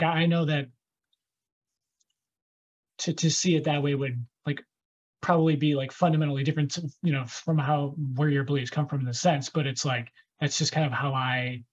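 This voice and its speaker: A man's voice: medium pitch, lo-fi sound. A man hosting a podcast in casual conversation, rambling along with many fillers and restarts. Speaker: podcast host.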